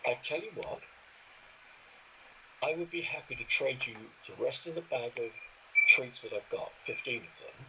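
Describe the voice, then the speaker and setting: A man's voice: medium pitch, moderate pace, pauses often, background noise. A man speaking in character as a tabletop game player, polite and formal, stumbling on his first words. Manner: polite, formal, stammering starts. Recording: dull lo-fi stream audio.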